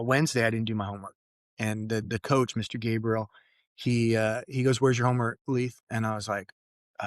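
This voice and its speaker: A man's voice: mid-range voice, no echo. Candid man telling stories, dry sound. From Fresno, California. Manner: candid, self-deprecating, jokey storyteller. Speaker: mental performance coach, guest. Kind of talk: storytelling in a podcast interview.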